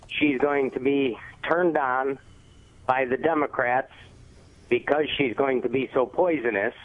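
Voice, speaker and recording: Confident male caller on tinny phone line. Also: on the high side. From Cleveland area. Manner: confident, insistent, speaks in lists of points. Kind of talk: phone-in caller making a point. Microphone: telephone.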